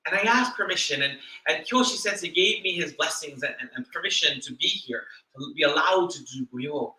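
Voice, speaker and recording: A man preaching a sermon as a church minister, earnest and reflective, pausing and repeating words as he speaks. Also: on the high side, lively intonation, pushed and bright, reverberant, low-quality recording. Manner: earnest, reflective, with pauses and repetitions. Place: church hall.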